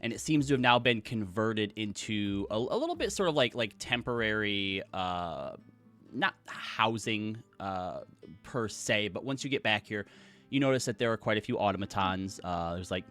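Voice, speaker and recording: Rambling low-voiced man running a game. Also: normal speed, fairly bright tone, faint music behind. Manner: rambling, many fillers. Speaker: dungeon master. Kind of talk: narrating a tabletop game.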